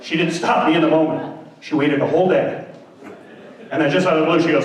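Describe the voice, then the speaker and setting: A man doing a stand-up comedy set, chatty and animated, who keeps asking the audience questions. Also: on the high side, fairly quick, long pauses, a little hiss or hum. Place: large room on stage before an audience. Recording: roomy hall, distant mic, audience.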